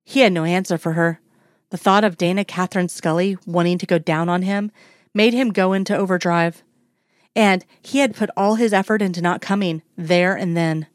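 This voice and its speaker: A woman reading a romance story aloud in a steady, even storytelling voice. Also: fairly low pitch, normal speed, no echo, clean studio sound. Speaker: narrator.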